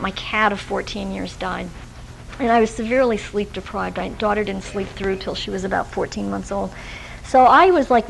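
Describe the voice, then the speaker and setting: In a lecture room with a live audience, a woman gives a recorded workshop lecture to social workers, speaking conversationally with fillers, restarts and personal anecdotes. Her voice is mid-range and gravelly, and the audio is poor with a little hiss or hum.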